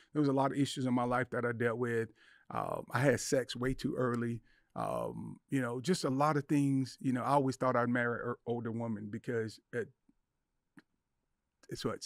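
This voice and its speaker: In a medium-pitched voice, a middle-aged podcast guest recounts an emotional personal story intensely, performing his inner voices and quotes. The studio-quality recording has no room sound.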